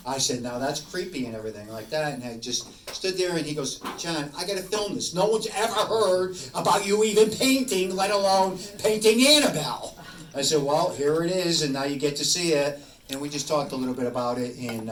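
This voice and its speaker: A man in his sixties, a paranormal investigator, telling rambling stories to an audience and acting out both sides of conversations. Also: on the high side. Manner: rambling, animated, acts out both sides of dialogue. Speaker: paranormal investigator giving a talk. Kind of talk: casual storytelling talk to an audience. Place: room with an audience. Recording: echoey room, distant mic, faint noise.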